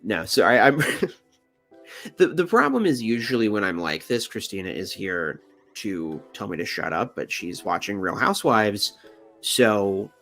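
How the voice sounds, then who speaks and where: A man's voice: a little slow, soft background music. A young adult man hosting his channel, rambling and joking in casual commentary on pictures. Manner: rambling, joking, animated pitch swings. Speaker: channel host.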